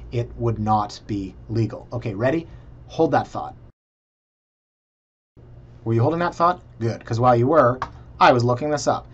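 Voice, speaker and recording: A man's voice: medium pitch, husky, highs cut off. A Canadian man casually talking viewers through property listings in a chatty, sarcastic way. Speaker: real estate vlogger.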